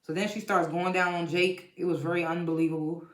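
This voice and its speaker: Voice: mid-range voice, little pitch movement, a little fast, a bit bright. A TV show reviewer giving a casual episode recap, blunt and profane, laughing often while retelling scenes. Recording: echoey room.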